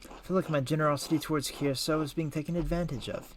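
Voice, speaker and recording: A man's voice: fairly high pitch, steady tone, fast, a little hiss or hum, pitched above the performer's own voice, lightly acted. A man voicing a proud noble baron who is displeased with commissioned work in a video game. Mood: demanding. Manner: demanding.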